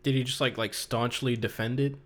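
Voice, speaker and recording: A man's voice: mid-range voice, steady tone, brisk. A young man co-hosting a podcast, chiming in with dry, teasing remarks. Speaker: podcast co-host. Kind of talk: casual podcast chat.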